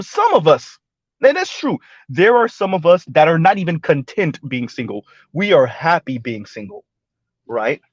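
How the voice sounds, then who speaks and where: A man's voice: fairly high pitch, no echo, muffled recording. A man, giving blunt casual commentary to a live chat and often asking "right?". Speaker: live stream host.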